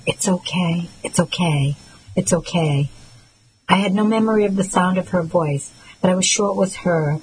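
A woman reading a first-person novel aloud as an audiobook narrator, in a measured, steady way. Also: sits low, slight background noise, poor audio.

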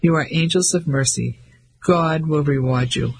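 A man voicing a frightened seventeen-year-old French farm girl who speaks softly and pleads. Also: fairly high pitch, normal speed, vocal fry, slight background noise, rough recording. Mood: timid. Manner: soft, pleading.

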